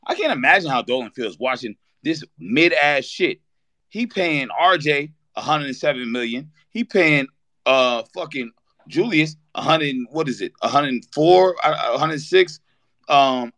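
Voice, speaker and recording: A man co-hosting a fan show, ranting with heat and profanity, breaking into shouted bursts. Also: medium pitch, expressive, moderate pace, dry recording, studio quality. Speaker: podcast co-host. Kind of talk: heated fan rant on a live audio show.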